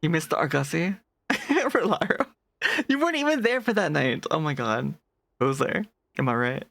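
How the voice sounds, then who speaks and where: Gravelly-voiced streamer chatting with viewers. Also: normal speed, no room sound. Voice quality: deeper natural voice. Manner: animated, laughs often, reads out and answers chat. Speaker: VTuber streamer. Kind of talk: casual chat with live viewers.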